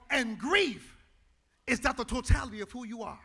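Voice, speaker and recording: A male pastor preaching a sermon in a church, his delivery building into shouted, half-sung lines. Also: very high voice, expressive, a little fast, creaky.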